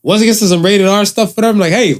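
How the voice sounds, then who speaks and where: A man's voice: sits high, quick pace. A man co-hosting a casual podcast chat, telling stories animatedly and swearing freely. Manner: animated storyteller, profane, acts out quotes. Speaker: podcast co-host.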